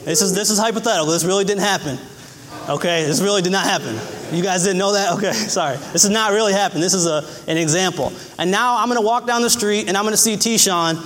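A man's voice: high voice, quick pace, a bit bright, long reverb tail. A man preaching a sermon, earnest and folksy, who acts out little scenes as he speaks. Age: adult.

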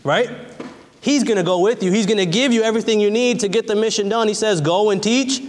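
A man's voice: high-pitched, steady tone, quick pace. Fervent man preaching in a reverberant hall. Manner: fervent, repeats phrases, casual asides. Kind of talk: sermon. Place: church in a large hall. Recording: long church hall reverb.

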